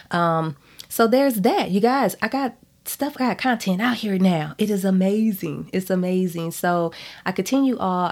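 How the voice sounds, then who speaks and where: Brief: woman podcaster, low-ish voice, candid and emphatic, casual monologue. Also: darkish tone. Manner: frank and emphatic, punctuates points with "okay?". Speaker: author and podcast host.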